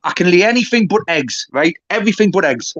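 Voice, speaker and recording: A man's voice: sits high, animated, fast, a bit bright, dry recording. A man on a live stream panel, talking bluntly and emphatically, swearing a lot. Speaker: panel guest. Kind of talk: casual banter on a live stream. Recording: dull, dry lo-fi call audio.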